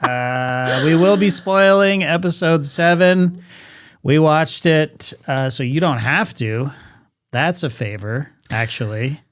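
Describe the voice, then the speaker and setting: Wry, sarcastic man co-host. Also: on the high side. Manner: wry, sarcastic, drawn-out emphasis. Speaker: podcast co-host. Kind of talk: casual review chat.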